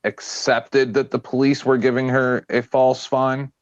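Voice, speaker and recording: A man's voice: medium pitch, flat delivery, unhurried, no echo. A man hosting a casual political chat and questioning the other speakers with wry sarcasm. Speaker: host. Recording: muffled dry stream audio.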